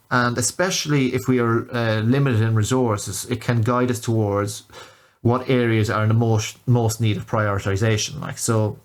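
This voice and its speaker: A man hosting a spoken video essay critique, hesitant, with frequent restarts and filler words. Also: on the low side.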